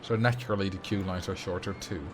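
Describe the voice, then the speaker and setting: A man's voice: deep voice, fairly even intonation, fast, a little hiss or hum. A man streaming a game live, chatting casually and rambling as he answers his chat. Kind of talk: casual live gameplay commentary. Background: faint game music.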